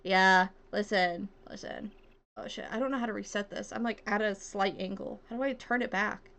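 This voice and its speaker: A young woman from the southern United States, with a Southern accent and a medium-pitched, fairly bright voice, chats at a moderate pace while streaming a game. Her casual talk rambles, she swears often, and she laughs at herself.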